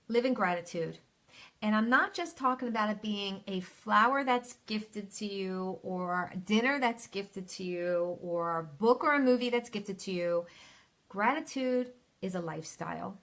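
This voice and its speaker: Soothing spiritual coach, fairly high voice. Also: female voice, a bit bright. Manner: soothing, affirming, addresses viewers by name; reads viewer comments aloud. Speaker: spiritual coach hosting a live Q&A. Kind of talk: live-stream advice session. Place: at home.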